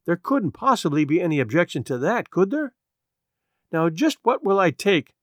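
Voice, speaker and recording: A man voicing a timid, soft-spoken sheriff's wife in a story reading, hesitant and gentle. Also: sits high, big pitch swings, moderate pace, dry recording, clean studio sound. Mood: relieved.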